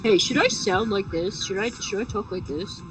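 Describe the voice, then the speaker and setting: Brief: woman faking a mock guy voice, playful and questioning, medium pitch, distant mic. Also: expressive, normal speed, music in the background, natural voice. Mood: teasing.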